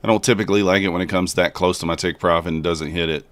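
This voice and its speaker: Man, very low voice, relaxed live commentary, chatty and joking, desk mic. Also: fast talker, dry recording. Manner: relaxed, chatty, jokes with chat. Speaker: livestream trader.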